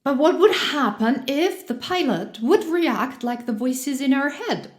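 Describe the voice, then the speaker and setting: A woman's voice: on the high side, a little mellow. A woman coach giving a motivational talk, cheerful and laughing often, recorded in an echoey room. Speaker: joy and fitness coach.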